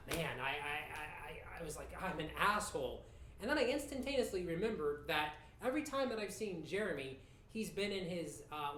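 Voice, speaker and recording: Deadpan, confessional male storyteller. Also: on the high side, echoey room, a little hiss or hum. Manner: confessional and deadpan, with casual profanity. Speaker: stand-up comedian. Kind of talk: comic storytelling monologue.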